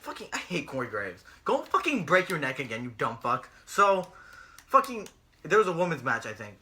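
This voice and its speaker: Bright, lively young man ranting. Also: on the high side, moderate pace. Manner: profane, ranting, mocking. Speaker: podcast co-host. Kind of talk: casual ranting chat.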